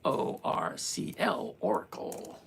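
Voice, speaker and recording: A man's voice: takes it slowly, fairly bright tone. A man in his sixties hosting a live stream, reading chat questions aloud and answering in a blunt, dismissive way. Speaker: livestream host answering chat.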